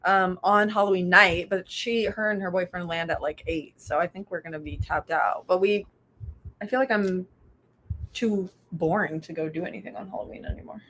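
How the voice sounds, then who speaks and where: A woman's voice: lowish voice, moderate pace, fairly bright tone, slight background noise. A young woman with a slight lisp from aligners who hosts a book club livestream, chatting casually, laughing often and losing her thread. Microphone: computer mic on a livestream.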